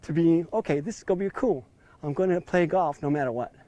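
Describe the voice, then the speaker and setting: A man's voice: fairly high pitch, fast talker, dark tone, dry recording. A man in his fifties telling his story in an interview, acting out quoted dialogue with a raised voice. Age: 50s.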